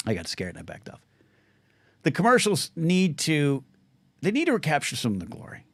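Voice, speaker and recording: A man's voice: mid-range voice, no room sound, clean studio sound. A man hosting a solo livestream podcast, answering viewer questions in a rambling, jokey way that often stops and restarts. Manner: rambling, self-interrupting, jokey. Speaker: podcast host.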